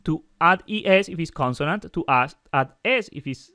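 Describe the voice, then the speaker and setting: Guy explaining spanish grammar, kinda high voice, broken english, keeps repeating examples, dry close sound. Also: lively intonation, bright, forceful tone, clear, resonant tone, dry recording. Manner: halting non-native English, self-correcting. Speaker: Spanish teacher.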